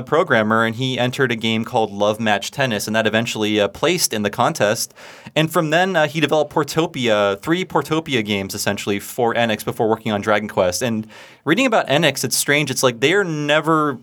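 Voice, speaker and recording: A man hosts a casual podcast chat in a voice of ordinary middle pitch. He talks loosely and chattily, trailing off into fillers as he explains. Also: a bit bright. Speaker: podcast host.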